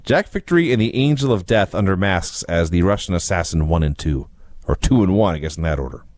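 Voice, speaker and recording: A man's voice: sits low, animated, fairly quick, darkish tone. A man co-hosting a casual review podcast, retelling old wrestling segments in a dry, wry storytelling manner.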